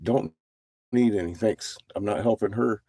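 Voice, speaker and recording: Guy ranting on a stream, cussing a lot, laughing and coughing, slow drawl, dry close sound. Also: on the low side, mellow, no echo. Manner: swears constantly, laughs often and coughs between remarks. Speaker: livestreamer. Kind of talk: casual profane rant.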